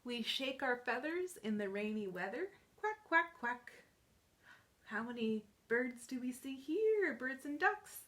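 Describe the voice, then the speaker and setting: A woman working as a children's librarian, reading picture books aloud to young children in an animated sing-song way, counting along and gasping with delight. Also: high voice, measured pace, few pauses.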